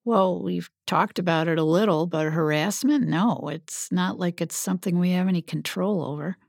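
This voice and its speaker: Measured, wary man counseling a friend, as a female narrator plays him, slight gravel. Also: lowish voice, no echo, clean studio sound. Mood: reasoning. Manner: calm, warning, measured. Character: cautious adult man, steady friend.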